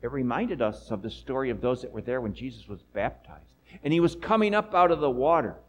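A man's voice: medium pitch, fairly quick, slight background noise, close to an everyday voice, low-quality recording. A man playing an awed apostle eyewitness. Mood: storytelling. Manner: lively storytelling with chatty asides to listeners. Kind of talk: first-person dramatic monologue.

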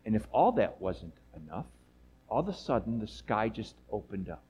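Playing an awed apostle who witnessed events, a man gives a first-person dramatic monologue, telling the story with lively energy and chatty asides to listeners. His voice is on the low side at normal speed, and the poor audio carries a little hiss or hum.

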